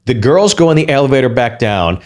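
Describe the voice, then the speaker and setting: A man, a guest comedian, telling a story in lively podcast chat, restarting quickly and acting out quotes. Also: medium pitch.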